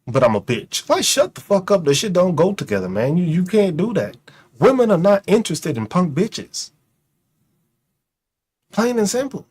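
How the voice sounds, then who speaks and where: A man with a high voice that swoops all over his range, delivering a mocking, profane rant to his online audience. He fires off rhetorical questions and keeps laughing at his own jokes. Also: big pitch swings, moderate pace, a little mellow, husky. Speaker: streamer and commentator. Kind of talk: ranting commentary to an online audience.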